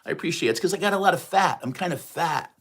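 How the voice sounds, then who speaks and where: New york guy in his 60s doing a live stream, bright forceful voice, talks quick and chatty. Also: a little high, animated, vocal fry, breathy edge. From New York area, USA. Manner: fast, chatty, reads out viewer comments. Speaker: livestream host. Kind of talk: casual livestream chat.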